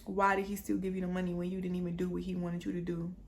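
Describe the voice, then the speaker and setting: A woman's voice: lowish voice, little pitch movement, darkish tone, slight background noise. A young woman, telling a personal story in a casual storytime vlog and talking straight to her viewers. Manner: conversational, addresses viewers directly, fast asides.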